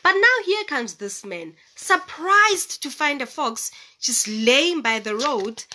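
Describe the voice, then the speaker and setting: A woman's voice: high voice, sing-song, slow, bright, forceful tone, slight background noise. A young woman reading a children's story aloud and chatting about it. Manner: chatty, explaining.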